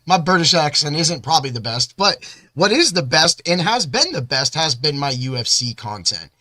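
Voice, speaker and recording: A man's voice: mid-range voice, pushed and bright, no room sound. A man hosting a podcast in a casual, rambling monologue, talking with boastful energy. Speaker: podcast host. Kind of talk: casual hype-filled monologue.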